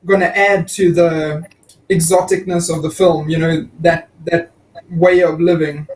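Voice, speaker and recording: A man with a South African accent chats hesitantly, full of fillers. His voice sits high. He sounds far from the mic in an echoey room. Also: level tone, measured pace, a little hiss or hum. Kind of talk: casual livestream chat.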